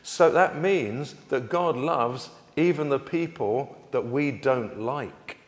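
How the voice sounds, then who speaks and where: A man's voice: mid-range voice, slow. A man giving a children's talk at church and leading an animal action song, with call and response. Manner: leads a call-and-response animal song, gets louder and sings. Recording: echoey hall with guitar.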